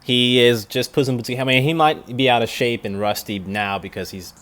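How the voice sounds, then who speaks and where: A man's voice: medium pitch, fairly even intonation, normal speed, fairly bright tone. A young man, an animator, chatting casually and rambling as he reacts to a film. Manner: rambling, thinks aloud with restarts.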